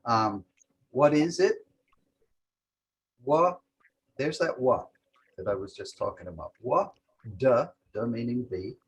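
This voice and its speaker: A man's voice: medium pitch, lively intonation, takes it slowly, pauses often, slightly rough, poor audio. A man teaching a language lesson over a video call, methodically walking through example sentences step by step.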